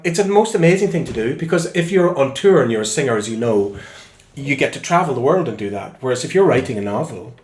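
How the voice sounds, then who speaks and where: A singer-songwriter with a Northern Irish accent, telling lively anecdotes in a relaxed interview at home. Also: male voice, medium pitch. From Northern Ireland. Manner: lively storyteller, acts out quoted voices. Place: room in his home. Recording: echoey room.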